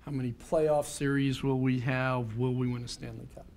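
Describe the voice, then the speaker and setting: A man's voice: mid-range voice, fairly even intonation, moderate pace, a little mellow, slight background noise. A man in his fifties giving a keynote talk, telling a personal story in an earnest way and building to rhetorical questions. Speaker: keynote speaker.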